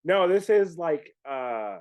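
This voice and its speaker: A man co-hosting a podcast in casual chat, agreeing and adding quick asides. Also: fairly high pitch, big pitch swings, a little mellow. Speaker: podcast co-host.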